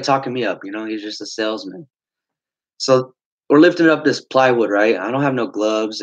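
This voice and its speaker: A young man telling a long story in a casual, rambling way, swearing often and filling pauses with "like" and "uh". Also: mid-range voice, highs cut off. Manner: rambling, swearing, frequent fillers.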